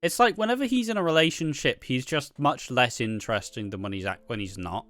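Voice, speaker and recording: A man co-hosting a casual chat, blunt and sweary, putting on quick mimicry of the people he talks about. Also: medium pitch, expressive, fairly bright tone. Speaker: podcast co-host.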